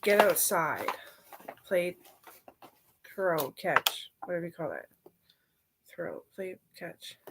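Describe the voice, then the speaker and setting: A young woman talking in a rambling casual monologue, meandering and swearing, and now and then dropping into a soft whisper. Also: fairly low pitch, expressive, slow pace, vocal fry, long pauses, heavy background noise. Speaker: vlogger.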